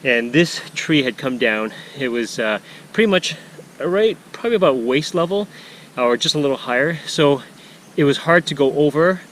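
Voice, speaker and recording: A man's voice: on the high side, animated, normal speed, fairly bright tone, slight background noise, rough recording. A man narrating a casual canoe-trip vlog outdoors on a forest portage, rambling with many fillers and restarts. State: out of breath.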